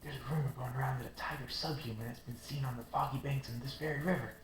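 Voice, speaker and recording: A man's voice: medium pitch, steady tone, slight background noise, close to an everyday voice. A man doing a sly gossiping soldier with a put-on twang. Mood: gossipy. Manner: conspiratorial, drawn-out teasing. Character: gossiping male soldier, sly, rumor-monger. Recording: roomy with game music.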